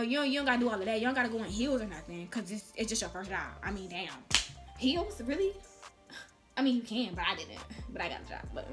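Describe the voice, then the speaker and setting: A woman's voice: fairly high pitch, fairly bright tone. A young woman giving casual advice in a chatty vlog, speaking in slang and acting out little dialogues. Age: young adult. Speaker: vlogger.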